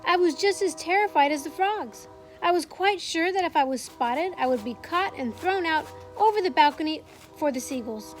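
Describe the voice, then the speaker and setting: A woman's voice: very high voice, animated, normal speed, soft background music. A woman teacher reading a novel aloud to her class from home, in a plain, friendly way.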